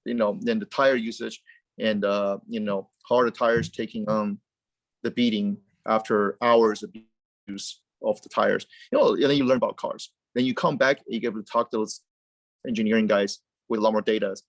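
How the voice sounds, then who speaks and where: Animated man, dry close sound. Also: on the low side, moderate pace, no room sound. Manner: animated, rambling with frequent restarts and repeated words. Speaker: guest, car company founder. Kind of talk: casual interview chat.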